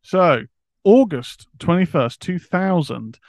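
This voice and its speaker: A man co-hosting a podcast in an easygoing manner. His voice sits a little high. He reads out notes between casual chat, recorded dry and close. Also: slow, dry recording. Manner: relaxed, reads history segment. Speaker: podcast co-host.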